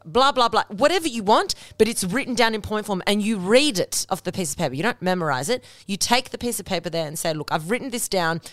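A woman's voice: medium pitch, fast talker, few pauses, no echo. A woman hosting a podcast, giving direct relationship advice in a coaching monologue. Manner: direct, coaching, lively with acted-out asides. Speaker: podcast host.

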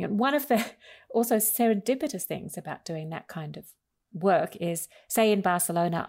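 A woman's voice: lowish voice, vocal fry, a little mellow. A woman author telling stories as a guest in an interview, laughing now and then. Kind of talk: relaxed storytelling in conversation.

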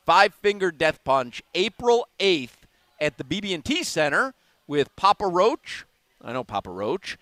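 Broadcasting remotely from a bar or restaurant, this live talk radio host rambles on, clearly amused by himself. He speaks at a measured pace in a high, sing-song voice with a sharp edge, and there's no room sound at all.

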